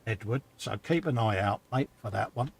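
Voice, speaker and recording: A man's voice: on the low side, moderate pace, vocal fry, breathy edge. A man co-hosting a casual live stream, laid-back and matey, often agreeing with his partner. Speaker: co-host of a modelling stream.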